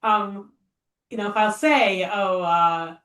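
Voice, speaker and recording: A woman teaching Torah study leads an informal text class, chatting and thinking aloud with plenty of fillers and rhetorical questions. Her voice is medium-pitched, a bit bright, and slow. The echoey room places her a bit far from the mic.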